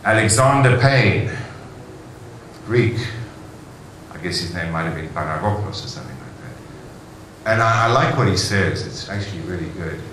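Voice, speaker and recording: A man's voice: deep voice, lively intonation, normal speed, pauses often, fairly bright tone. A man giving an enthusiastic conference keynote speech in a large hall, telling stories with rhetorical asides. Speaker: conference speaker. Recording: very echoey hall, faint noise.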